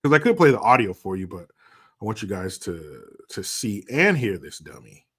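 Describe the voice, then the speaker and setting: A man's voice: on the low side, very animated, moderate pace, slightly rough. A man giving a profane, rambling commentary rant on his vlog, blunt and sarcastic, with frequent restarts. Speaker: vlogger.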